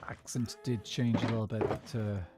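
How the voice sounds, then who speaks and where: A man's voice: lowish voice, fairly even intonation, moderate pace. A man chatting casually and rambling through his opinions while streaming a game. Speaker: gaming streamer. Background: background music.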